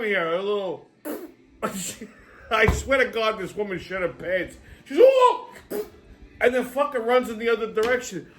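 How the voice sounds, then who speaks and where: A middle-aged man, hosting a show and telling a rambling, profane anecdote while laughing often. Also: sits high. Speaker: podcast host. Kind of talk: casual storytelling monologue.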